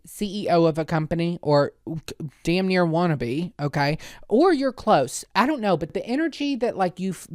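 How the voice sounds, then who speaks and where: A woman's voice: lowish voice, a little mellow, no room sound. Sassy woman ranting in a dry room. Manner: sassy, exaggerated rants. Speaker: podcast host. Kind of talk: casual comedic monologue.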